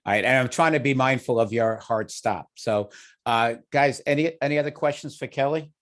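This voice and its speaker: Man, Long Island accent, committee chair; easygoing, thinks aloud, mid pitch. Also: normal speed, fairly bright tone. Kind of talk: meeting discussion.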